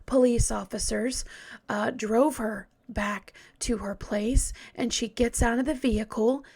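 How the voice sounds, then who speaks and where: A woman telling a true crime story in a casual, hesitant way, often dropping into a hushed whisper. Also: fairly high pitch, fairly even intonation, a little slow, slightly rough.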